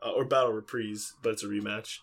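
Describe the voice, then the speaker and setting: A man's voice: on the low side, fairly even intonation, fast talker, slightly rough. A young man co-hosting a casual podcast, rambling with lots of fillers. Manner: rambling, filler-heavy storytelling. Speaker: podcast co-host.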